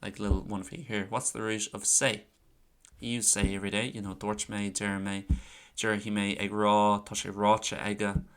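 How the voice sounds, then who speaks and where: A man with a lowish voice teaches grammar in a chatty, relaxed way. He walks through examples and slows down to repeat key phrases. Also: smooth. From Ireland. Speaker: Irish language teacher. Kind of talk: casual online lesson.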